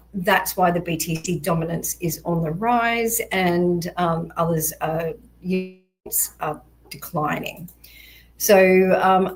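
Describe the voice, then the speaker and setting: A woman with a lowish voice and an unhurried pace, talking through market charts. She explains things steadily, pausing on fillers, and her voice is turning a little hoarse. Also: low-quality recording. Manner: measured, explanatory, frequent ums. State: voice going hoarse, occasional coughs. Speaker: crypto market analyst. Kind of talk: chart analysis walkthrough.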